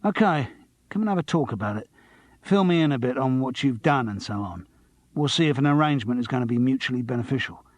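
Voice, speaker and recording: A man's voice: mid-range voice, lively intonation, quick pace, dry recording, close to an everyday voice. A man voicing a tough male talent agent with a Cockney accent, curt and businesslike.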